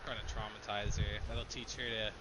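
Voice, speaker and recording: A man's voice: on the low side, little pitch movement, moderate pace, heavy background noise. A man chatting casually with friends while gaming, rambling and laughing often, swearing casually. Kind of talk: casual chat.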